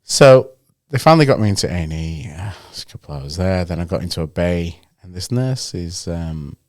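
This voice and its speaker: Male co-host, low voice, very expressive storyteller, close and dry sound. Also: normal speed, dry recording. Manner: animated anecdote-telling, acts out the people he quotes. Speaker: podcast co-host. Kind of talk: casual storytelling chat.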